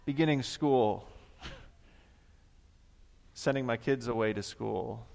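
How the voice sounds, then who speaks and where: A man preaches a Sunday sermon from the front of a church. His voice trails away into the long reverb of a big sanctuary. He talks plainly, like a conversation, and gets animated when he tells a story. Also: medium pitch, moderate pace, gravelly. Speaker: pastor.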